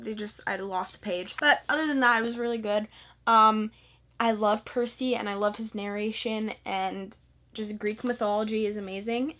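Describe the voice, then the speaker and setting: A woman's voice: medium pitch, fairly bright tone. A teenage girl chatting in a casual, gushing way about books she read, with lots of "like" fillers. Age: teen. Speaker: book vlogger. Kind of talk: casual book review vlog.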